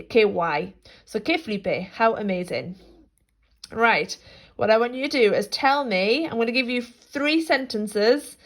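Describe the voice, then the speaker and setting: A woman teaching Spanish phrases to schoolchildren in a recorded lesson, speaking slowly and repeating each phrase for learners to echo. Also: fairly high pitch. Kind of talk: remote language lesson for children.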